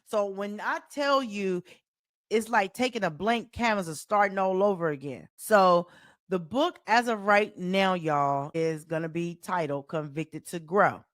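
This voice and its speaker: A woman with a Southern US accent hosting her own coaching podcast, talking in an animated, folksy way and repeating phrases like a preacher. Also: fairly low pitch, no echo, clean studio sound. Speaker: life coach and podcast host. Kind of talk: solo motivational podcast talk.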